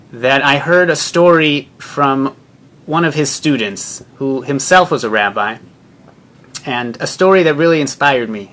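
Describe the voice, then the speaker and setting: A young man who is a rabbinical student, telling a personal story in an earnest, measured and reflective way. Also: medium pitch, bright, forceful tone.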